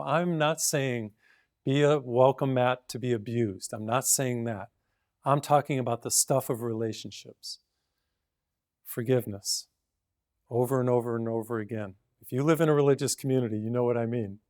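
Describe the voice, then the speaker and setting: A male priest giving a short homily in an earnest, storytelling way, gently urging his listeners. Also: mid-range voice, no room sound, clean studio sound.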